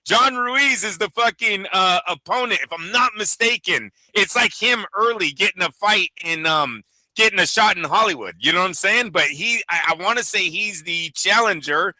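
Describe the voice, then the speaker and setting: A man's voice: sits high, moderate pace, sharp tone, no echo. A man co-hosting a boxing talk show, chatting casually and profanely, rambling through stories and acting out quotes. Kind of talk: casual podcast chat.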